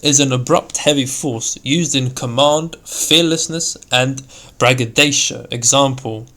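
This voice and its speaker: A man reading aloud from an old elocution textbook, explaining kinds of stress in a measured way and then declaiming the quoted examples with force. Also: medium pitch, bright, forceful tone. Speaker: reader of an elocution text. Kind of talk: read-aloud lesson with dramatic recited examples.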